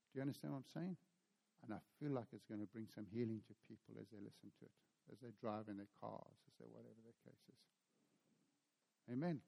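A middle-aged man with a South African accent preaching a sermon, telling a story and acting out the dialogue in it with lively energy. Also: medium pitch, creaky. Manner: storytelling, animated, acts out dialogue. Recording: long hall reverb.

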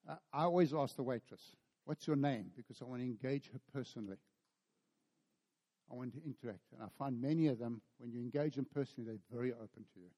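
Middle-aged South African man, animated storytelling preacher, warm dark tone, big reverberant room. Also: medium pitch, quick pace. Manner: storytelling, animated, acts out dialogue. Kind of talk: sermon. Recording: long hall reverb.

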